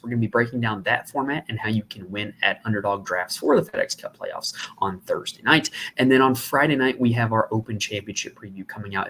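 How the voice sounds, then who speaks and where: A man's voice: medium pitch, a little hiss or hum. A man hosting a podcast, giving a chatty, conversational sports betting preview. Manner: chatty and conversational, talks at length. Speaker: podcast host.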